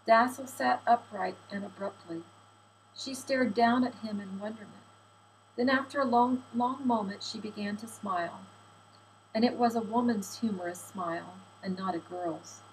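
A woman reading a historical novel aloud in measured, expressive audiobook narration. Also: medium pitch, slight background noise, low-quality recording. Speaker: audiobook reader.

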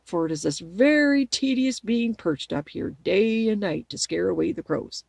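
A woman voicing a friendly straw-stuffed scarecrow man with a husky, eager voice. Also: medium pitch, animated, normal speed, a little mellow, no room sound. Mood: polite.

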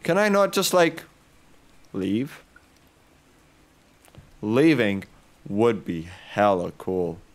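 Slow, rambling young man playing a game. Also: fairly low pitch, big pitch swings. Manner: joking, rambling, swears freely. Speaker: gaming YouTuber. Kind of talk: let's-play commentary.

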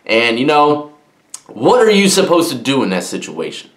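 A young man telling his stories in a loose, rambling way, peppered with "man" and "you know". His voice sits at an ordinary middle pitch for a man. The room around him gives it a clear echo. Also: very animated, normal speed. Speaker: channel host telling prison stories. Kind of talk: casual storytelling monologue. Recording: echoey room.

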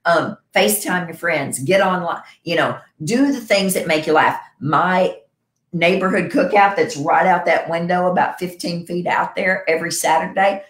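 A middle-aged woman with a low voice talks straight to her viewers like an encouraging coach. She checks in often with a quick "right?" and keeps the tone upbeat and practical. The sound has a noticeable echo, as if she were in a bare room at home. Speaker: wellness show host and health provider. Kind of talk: casual talk to viewers. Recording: echoey room.

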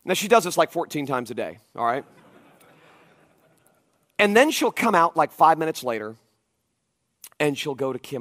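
A man who is a pastor, preaching a conference sermon in an animated, conversational storytelling manner. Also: fairly high pitch, normal speed, pauses often.

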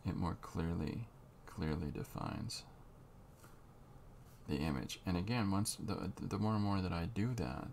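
A man talking through a drawing tutorial as he works, unhurried and halting, thinking aloud. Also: low voice, gravelly, a little mellow, a little hiss or hum. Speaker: comic artist drawing on camera.

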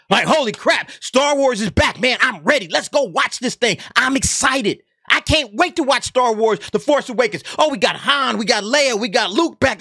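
Sarcastic and emphatic, this man hosting a YouTube commentary channel rants his opinions heatedly, ending points with "okay?". His voice sits high with a sharp tone, captured dry with clean studio sound.

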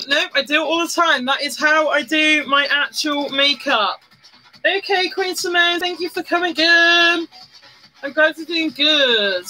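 This livestreamer talks in a high, sharp voice while doing her makeup, greeting people in chat by name and slipping into short sung bits. The audio is poor.

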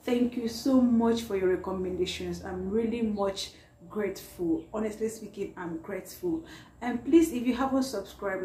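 A woman hosting a reaction vlog, tearful after crying, talking in an apologetic, halting way full of "like". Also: mid-range voice, dark tone. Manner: apologetic, halting, heavy use of "like". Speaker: reaction video host. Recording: echoey room with faint noise.

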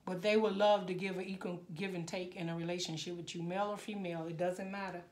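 A woman's voice: on the low side, fairly even intonation, fast talker, darkish tone, roomy sound. A woman giving a casual tarot reading straight to her viewers, emotional and full of exclamations. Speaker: tarot reader.

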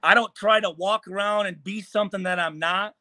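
A man's voice: high voice, fairly even intonation, a little fast, pushed and bright, no echo. A man in his forties from Michigan, a former football player, telling a profane, heated story and acting out what was said. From Michigan, USA. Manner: profane, heated, acts out quoted lines. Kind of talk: animated storytelling.

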